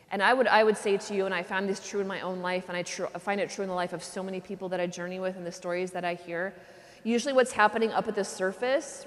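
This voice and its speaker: A religious sister giving a conversational retreat talk, often checking in with "okay?" and dropping to a soft hush when she voices prayers. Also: medium pitch. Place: large cathedral. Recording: long cathedral reverb.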